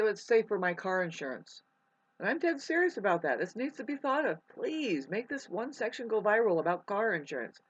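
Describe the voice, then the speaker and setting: This woman vlogger has a husky voice of fairly low pitch. Chewing between words, she drifts through an offhand monologue, cursing liberally and frequently starting sentences over, all captured on a muffled lo-fi recording.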